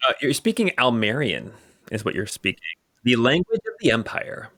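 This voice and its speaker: A man hosting and narrating as game master of a tabletop game in a lively, energetic way. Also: mid-range voice, normal speed, dry recording.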